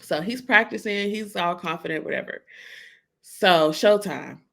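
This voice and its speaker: A woman co-hosting a casual podcast about motherhood, telling a story lively and acting out her child's lines. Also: mid-range voice, measured pace, gravelly. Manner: animated storyteller, acts out her son's voice. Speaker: podcast co-host. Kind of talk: casual chat.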